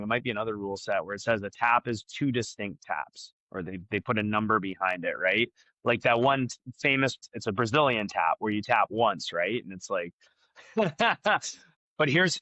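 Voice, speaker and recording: Bright, forceful-voiced man talking frankly. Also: mid-range voice, dry recording, poor audio. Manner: candid, frank, talks through his thinking with many fillers. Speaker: jiu-jitsu black belt and academy owner, guest. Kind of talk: casual podcast conversation.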